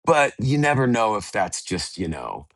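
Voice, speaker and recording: An American man, a touring band's bassist, chatting casually in an interview from a hotel room, relaxed and rambling with lots of fillers. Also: moderate pace, no echo. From United States. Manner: relaxed, rambling, many fillers and retold dialogue.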